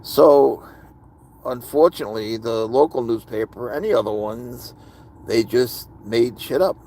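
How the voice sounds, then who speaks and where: A man's voice: mid-range voice, unhurried, darkish tone, slight background noise. A man hosting a livestream, ranting angrily in a casual monologue, full of profanity. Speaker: livestream host.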